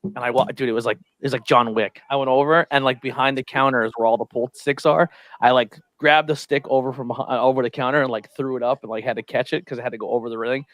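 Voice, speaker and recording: A man's voice: medium pitch, fast talker, no echo. A man co-hosting a wrestling podcast, chatting casually and acting out the people in his stories. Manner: animated storyteller, acts out quotes. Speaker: podcast co-host. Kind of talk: casual chat watching wrestling.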